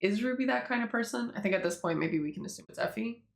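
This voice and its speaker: A woman's voice: fairly high pitch, lively intonation, fast talker, vocal fry. A woman casually rambling through commentary on her own comic, swearing freely and laughing as she goes. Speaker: webtoon creator reading her own comic. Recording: echoey room.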